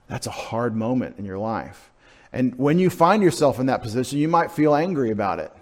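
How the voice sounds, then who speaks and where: A middle-aged man, preaching a sermon in a conversational, self-deprecating way, dropping into quiet asides. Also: medium pitch, animated, fairly quick. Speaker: pastor.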